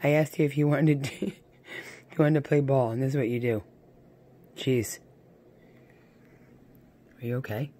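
A woman talking to her pet dog in doting baby talk, often climbing high, in a home video. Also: moderate pace, pauses often, mellow. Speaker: pet owner.

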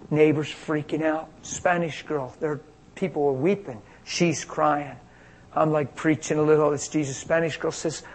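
A man preaching a sermon on healing, telling stories with animated energy and acting out the quotes. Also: fairly high pitch, measured pace, slightly rough, low-quality recording.

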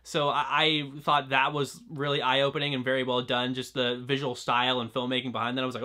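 A man's voice: on the high side, expressive, brisk, hardly any pauses, sharp tone. A young man casually talking through a film review, chatty and loose, with lots of "like" and restarts. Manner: chatty, fills talk with "like" and restarts. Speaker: movie reviewer.

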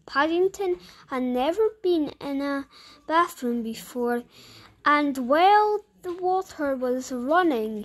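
Woman reader, high voice, unhurried, chatty asides between lines of a children's book. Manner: chatty, playful commentary. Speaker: story reader. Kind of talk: casual read-aloud with chatty asides.

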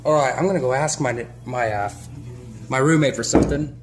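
A young man improvising a crude comedy skit at home, loud and profane. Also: mid-range voice, fairly quick, noisy background. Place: indoors at home.

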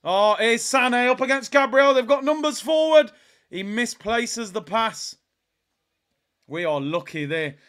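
A young man hosting a live football watch-along, reacting with frustration and shouting at the players. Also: very high voice, animated, a little slow. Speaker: fan watch-along host.

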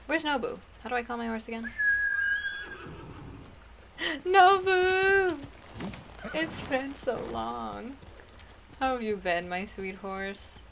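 A woman's voice: on the low side, noisy background. A woman giving casual commentary while playing a video game, chatty and self-mocking, and she shrieks and laughs whenever a fight gets tense. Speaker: gaming channel host.

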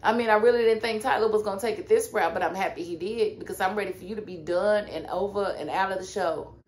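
Woman, TV recap vlog, animated, sassy, mid pitch, echoey room. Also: fast talker. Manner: animated, sassy, talks straight to the characters. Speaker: TV show reviewer. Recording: echoey room with faint noise.

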